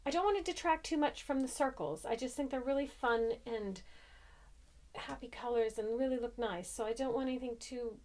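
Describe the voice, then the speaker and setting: A woman's voice: fairly high pitch, a little fast, darkish tone. Chatty American woman crochet podcaster. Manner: chatty, rambling, self-deprecating. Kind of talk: casual chat.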